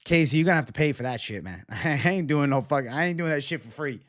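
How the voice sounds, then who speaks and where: A man's voice: fairly high pitch, lively intonation, fast, dry recording, clean studio sound. A man hosting a casual live chat, bantering loosely and profanely with viewers. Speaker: livestream host.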